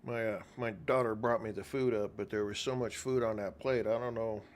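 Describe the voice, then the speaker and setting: A man's voice: fairly low pitch, fairly even intonation, a little fast, a little hiss or hum. A middle-aged man giving casual commentary while playing a video game, chatty and talking to himself as he goes. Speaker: gaming channel host.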